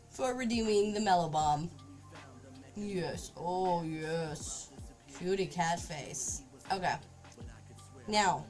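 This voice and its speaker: Woman streamer cooing at her cat between crafting chatter, mid pitch, soft music under it. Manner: chatty, talks baby-talk to her cat. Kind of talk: casual livestream chat.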